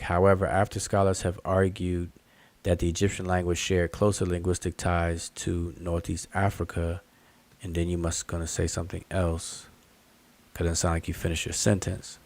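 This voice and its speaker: A man's voice: deep voice, flat delivery, moderate pace, darkish tone, no room sound. A man hosting an online study group hangout, explaining patiently and thinking aloud over a video call. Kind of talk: casual online hangout discussion.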